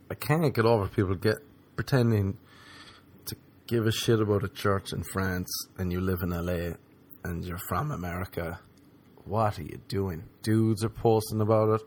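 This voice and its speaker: A man ranting in a comedic monologue, sarcastic and profane, mocking people in high squeaky put-on voices. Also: moderate pace.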